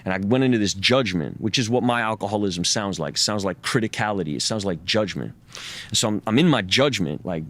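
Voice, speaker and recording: A man's voice: lowish voice, a little fast. A man in his thirties, a guest in an interview, telling a raw personal story with cursing and acted-out quotes. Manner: raw, profane, animated retelling with acted quotes.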